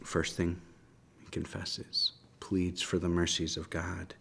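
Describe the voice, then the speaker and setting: A man with a deep, low voice teaches a Bible passage to a small group. He talks in a loose, conversational way, reads scripture aloud, and keeps checking in with his listeners. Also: monotone, unhurried, gravelly, breathy edge. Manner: conversational, often adds "right?".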